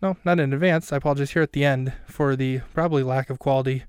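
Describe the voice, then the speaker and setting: A man's voice: mid-range voice, fairly even intonation, quick pace, a little mellow, clear, resonant tone, dry recording, studio quality. A man hosting a podcast who recaps a film scene by scene in a rambling, self-mocking way with plenty of fillers. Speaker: podcast host.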